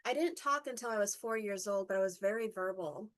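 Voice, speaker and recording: A woman in her forties giving a personal reflective talk, halting often with ums and correcting herself mid-sentence. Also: mid-range voice. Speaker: guest speaker.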